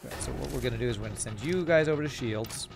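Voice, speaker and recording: A man of ordinary pitch talks through a live game stream in a loose, chatty way. He comments on each move and reads viewer messages aloud before answering them. Soft game music sits quietly behind his voice. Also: rapid-fire, creaky.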